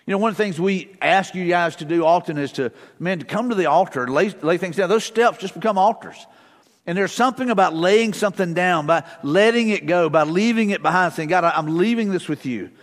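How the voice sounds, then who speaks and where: A middle-aged pastor with a high voice preaches a little fast in a church sanctuary. His sermon is casual, moving between family stories and repeated short prayers, with long hall reverb on the recording.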